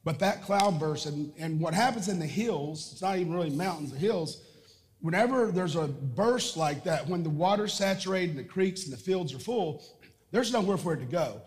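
Man, pastor, emphatic preaching, high voice, long church reverb. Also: animated. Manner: emphatic preaching, drawn-out repetition. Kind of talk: sermon with prayer and call-and-response. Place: church sanctuary.

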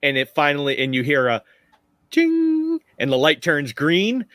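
A man narrating as game master of a tabletop game, relaxed and rambling with frequent laughs. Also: mid-range voice, brisk, dry recording, studio quality.

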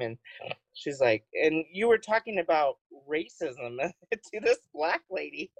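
A woman's voice: low-pitched, lively intonation, moderate pace, slightly rough, dry recording. A young woman co-hosting a podcast, teasing her friend and laughing in casual chat. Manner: teasing, laughs while talking. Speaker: podcast co-host. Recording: dry, dull lo-fi sound.

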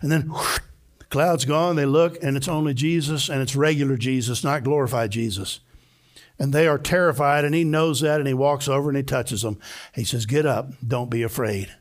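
Man, pastor, sermon, a bit high pitched, emphatic storyteller, acts out quotes. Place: church before a live congregation.

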